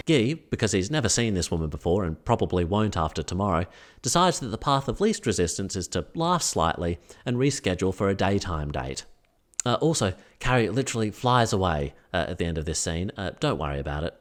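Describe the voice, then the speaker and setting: A man's voice: sits low, very animated, a little fast, music in the background. A man giving a comedic, sarcastic recap of a TV episode, full of wry asides. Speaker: recap vlogger.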